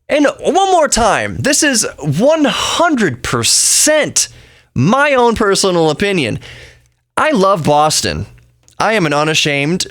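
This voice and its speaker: Podcast guy rambling on with his opinions, average pitch, dry close sound, keeps going off on tangents. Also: a bit bright, no echo. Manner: rambling, chatty, self-interrupting asides. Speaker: podcast host. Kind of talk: casual opinionated monologue.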